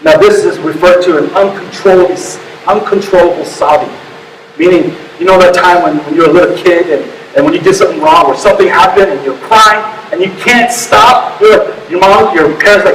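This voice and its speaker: High-voiced pastor preaching in an echoey hall. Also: male voice, a little fast, far from the mic, background noise. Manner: emotional, swings from hushed to loud, repeats words. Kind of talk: sermon.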